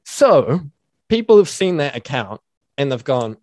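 A man co-hosts a podcast, his voice sitting in a middle pitch. He talks animatedly, swears freely and gets worked up over small things. The recording is dry and close on a desk microphone. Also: very animated, measured pace, darkish tone, no echo. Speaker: podcast co-host. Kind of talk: casual chat and reading listener questions.

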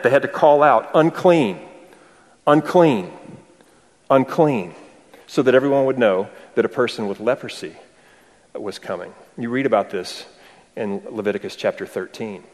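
A man's voice: mid-range voice, moderate pace. Man, preacher, expository sermon, rhetorical questions, dry humor, long hall reverb.

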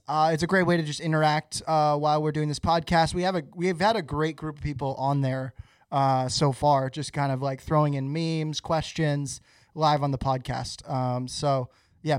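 A podcast host talks through sponsor reads in a loose, halting way, filling gaps with little hesitations. His voice sits a bit high for a man. The sound is dry and close, with no room around it. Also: smooth, no room sound. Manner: relaxed, hesitant with fillers. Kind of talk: casual podcast ad read.

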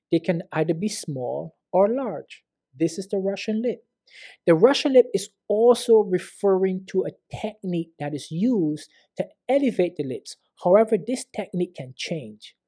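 A man who works as an aesthetic injector, explaining treatments in a solo podcast in a calm, instructive way and stressing key words. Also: sits high.

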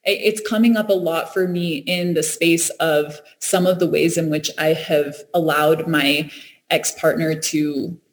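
A woman's voice: low voice, steady tone, unhurried. A woman talking in a reflective, earnest way, often laughing and restarting her sentences. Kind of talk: reflective casual conversation.

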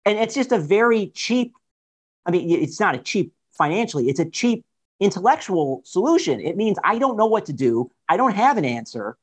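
A man speaking as a guest author in a political discussion, animated, firing off rhetorical questions and restarting sentences often. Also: high-pitched, moderate pace.

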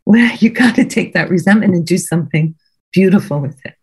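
A woman's voice: lowish voice, animated, a little fast, a little mellow, a little hiss or hum. A middle-aged woman giving an earnest, conversational recovery talk over a video call, often repeating words for emphasis. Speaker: guest speaker at a recovery meeting. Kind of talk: personal recovery testimony.

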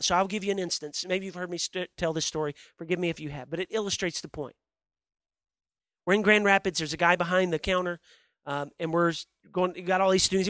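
A male preacher giving a sermon, telling a story in a lively, conversational way and calling out to the congregation. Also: high voice, brisk, no room sound. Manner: animated, conversational storytelling with a crowd.

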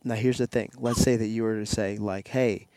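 A young man co-hosting a casual podcast, joking and playful and slipping into quick impressions, talking into a headset mic. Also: on the low side, fairly even intonation, dark tone, no echo. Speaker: podcast co-host. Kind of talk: casual chat.

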